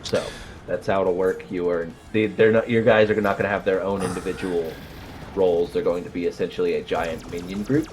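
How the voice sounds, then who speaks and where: A man running a tabletop game as game master, speaking haltingly and counting rolls aloud. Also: low-pitched, little pitch movement, slight background noise. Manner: halting, counts dice out loud. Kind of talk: casual tabletop game chat.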